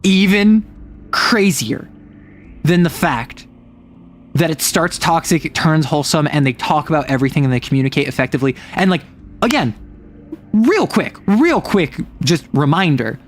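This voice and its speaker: A male streamer chatting casually and recapping a story in a lively, rambling flow, leaning on fillers and restarts as he goes. His voice sits somewhat high for a man. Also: moderate pace. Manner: animated, rambling, many fillers. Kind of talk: casual chat.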